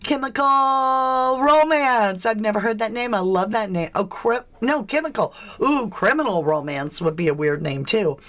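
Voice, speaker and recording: A woman's voice: medium pitch, lively intonation, moderate pace, few pauses. A woman from the States, hosting a casual true crime livestream, chatty and questioning as she greets viewers. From southern United States.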